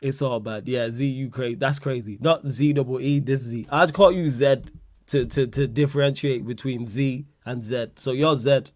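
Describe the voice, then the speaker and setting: A man's voice: medium pitch, normal speed. A man hosting a casual livestream chat, laughing a lot, swearing and using slang while answering viewer questions.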